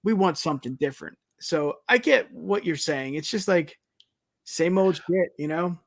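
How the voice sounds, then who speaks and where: A fairly high-voiced man co-hosting a casual wrestling chat. He talks loosely, full of "you know" and "it's just like," and his voice sounds close and dry with no room around it. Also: animated, moderate pace, gravelly, no echo. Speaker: podcast co-host.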